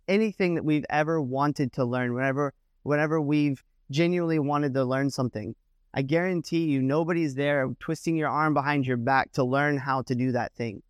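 A man's voice: mid-range voice, dry recording. Male preacher, mid-range voice, dry close sound, chatty sermon delivery with restarts. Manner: conversational, repeats "the thing is, is that".

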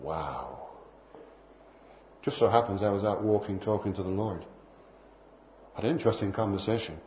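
Older preacher, low-voiced storyteller. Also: male voice, normal speed, long pauses, a little mellow, a little hiss or hum. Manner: anecdotal, playful, acts out dialogue. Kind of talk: sermon.

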